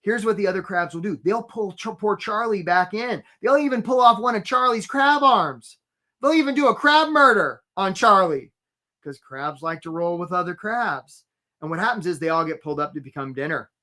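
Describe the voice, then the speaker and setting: Man, career coach, live webinar host, energetic, chatty. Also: high voice, normal speed. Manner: energetic, chatty, calls out attendees by name.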